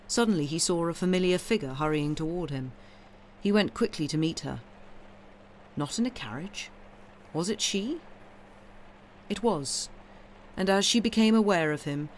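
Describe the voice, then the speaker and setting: A woman reading a classic short story aloud in a calm, measured audiobook narration. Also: low-pitched, slight background noise. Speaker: reader.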